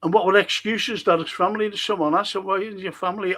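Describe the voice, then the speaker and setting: A man's voice: fairly even intonation, quick pace. An older man with a Scouse accent hosting a live-stream podcast, passionately ranting and reading out chat messages. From Liverpool, England. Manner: passionate, ranting, swinging between loud outbursts and low muttering.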